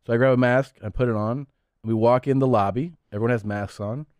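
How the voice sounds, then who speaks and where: A man hosting a podcast, telling stories in a relaxed, joking way. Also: medium pitch, quick pace, no room sound. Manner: laid-back storytelling with laughs. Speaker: podcast host. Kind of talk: casual podcast conversation.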